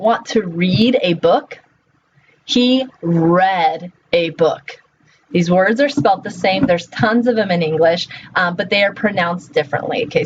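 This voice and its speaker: A woman lecturer giving a recorded class, explaining step by step and asking her students questions. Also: mid-range voice. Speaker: college lecturer. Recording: dull lo-fi audio with faint hiss.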